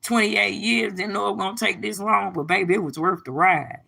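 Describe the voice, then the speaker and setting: A woman's voice: medium pitch, a little fast, creaky, bright, forceful tone, slightly rough. A middle-aged woman holding forth on a livestream, emphatic and preachy, blunt and profane, talking straight to her viewers. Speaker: livestream host. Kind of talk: casual livestream monologue.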